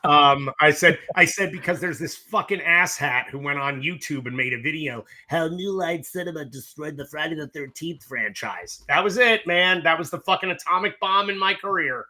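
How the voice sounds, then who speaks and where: A middle-aged man, a film director, telling profane, lively stories in an interview and acting out both sides of conversations. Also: on the high side, normal speed, hardly any pauses. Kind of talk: animated storytelling in a casual interview.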